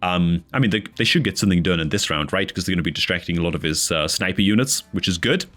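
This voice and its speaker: A man gives casual, animated commentary over his own strategy game match, chatty and frustrated at his misplays and saying "dude" and "man" all the time. He has a low voice and talks fast, with faint music in the background.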